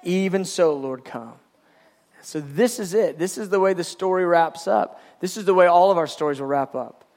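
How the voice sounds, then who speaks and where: A man's voice: high voice, a little fast, darkish tone. A man preaching a sermon, fervent and emphatic, often restarting his phrases as he builds a point. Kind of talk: sermon teaching.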